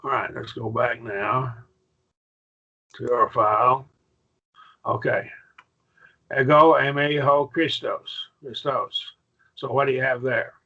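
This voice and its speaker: A man's voice: medium pitch, steady tone, takes it slowly, long pauses, sharp tone, husky, muffled recording. A man teaching a Greek grammar class in a patient manner, often checking in with his students. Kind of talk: classroom lesson.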